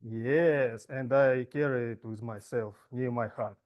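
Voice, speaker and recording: A man giving an impromptu speech in halting, broken English at a speaking club. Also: mid-range voice, fairly even intonation, lo-fi sound. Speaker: club member answering an impromptu question.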